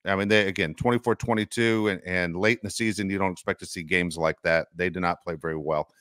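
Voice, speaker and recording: Talking quickly in a deep voice, this co-host of a sports podcast keeps things loose and animated, voicing imagined fan reactions. It's a clean studio recording with no room sound at all.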